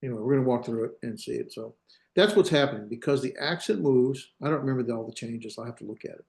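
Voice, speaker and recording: A man's voice: medium pitch, quick pace, creaky, a little mellow. A male teacher giving a classroom lecture on grammar, thinking aloud, hesitating and correcting himself as he goes. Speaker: Hebrew teacher.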